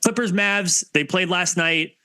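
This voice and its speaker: Bright high-voiced man hosting. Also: a little slow, clean tone, no echo. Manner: lively, jokey, rattles off scores. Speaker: podcast co-host. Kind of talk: casual sports chat.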